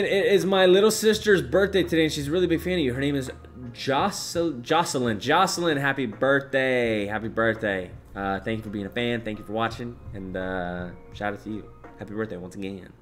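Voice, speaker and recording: A young man casually chatting on a live stream, reading out chat messages, joking around and swinging between low mumbles and loud excited bursts.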